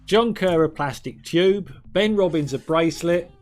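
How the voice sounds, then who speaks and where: A man's voice: on the high side, a little slow, a little mellow, faint music behind. A man hosting a live-streamed quiz in a chatty, jokey way, reading out viewers' answers by name. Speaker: quiz host.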